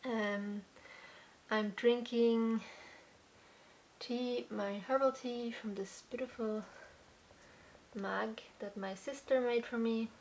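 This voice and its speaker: A young adult woman hosting a casual crafts podcast, chatting in an unhurried way with many fillers and restarts, slightly out of breath at times. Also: on the high side, fairly even intonation, darkish tone, slight background noise. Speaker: podcast host. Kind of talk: casual chat.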